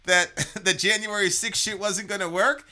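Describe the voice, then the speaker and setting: A man's voice: high voice, moderate pace. A man delivering a heated political rant, swearing freely and stumbling over restarts and fillers. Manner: animated, profane, many fillers and restarts.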